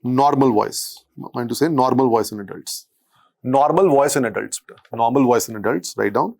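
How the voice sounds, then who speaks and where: A male medical lecturer with an Indian accent and a husky, deep voice, dictating notes and repeating phrases as he teaches. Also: expressive, brisk, darkish tone. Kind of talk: classroom lecture.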